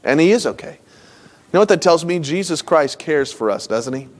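A man preaching a sermon in a folksy, conversational way, moving between loud emphatic lines and soft low asides. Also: animated, normal speed. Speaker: pastor.

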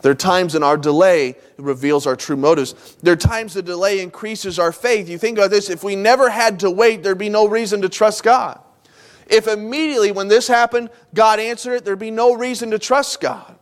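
A man preaching a sermon in a folksy, conversational way, moving between loud emphatic lines and soft low asides. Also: brisk. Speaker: pastor.

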